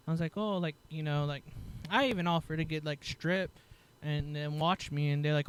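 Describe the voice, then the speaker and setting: Here a podcast host spins a casual story in a slightly high, clear, resonant voice, talking a little fast with hardly any pauses. His delivery is animated and full of swearing and laughter as he acts out others' words.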